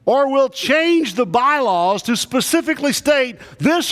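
A man's voice: extremely high pitch, big pitch swings, a little slow, a bit bright. A man preaching a sermon to a congregation, telling folksy, humorous stories. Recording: long reverb of a big hall.

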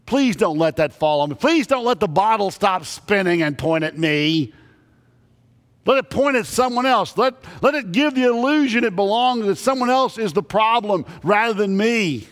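A man's voice: high voice, animated, normal speed, a bit bright, pitched above the performer's own voice. A man voicing a frightened male prophet who keeps begging to be spared, in a long-echoing hall. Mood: pleading. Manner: pleading, begging. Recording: long reverb in large hall.

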